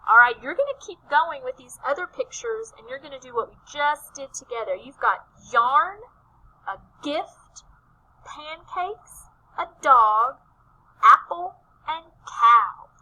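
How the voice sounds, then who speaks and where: A woman with a high, bright voice leads young children through a phonics lesson. She speaks in a slow, sing-song way and draws out each letter sound. She stays gentle and encouraging, posing questions and then answering them herself. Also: very animated, low-quality recording. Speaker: teacher.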